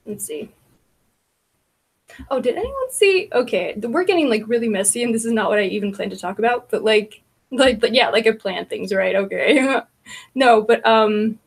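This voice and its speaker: A woman's voice: fairly high pitch, lively intonation, normal speed, creaky, husky. A woman hosting a casual livestream, rambling about online gossip with frequent laughter, swearing and filler words.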